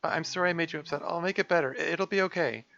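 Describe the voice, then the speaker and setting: A man's voice: on the high side, racing, vocal fry, pushed and bright, muffled recording, voice pushed up. Man voicing a stammering anxious schoolgirl. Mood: reassuring. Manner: stammering, self-blaming. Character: anxious cheerful teenage girl, apologetic.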